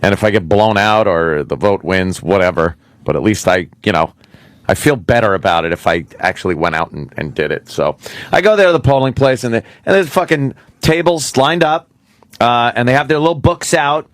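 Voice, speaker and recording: A man's voice: lowish voice, expressive, a little fast, dry recording, clean studio sound. A middle-aged man hosting a radio talk show, telling a rambling, profane story with many restarts.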